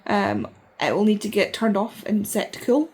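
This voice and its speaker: A woman in her thirties, chatting casually and excitedly in a rambling way as a book vlogger, sounding tired. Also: medium pitch, normal speed. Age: 30s. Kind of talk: casual vlog chat.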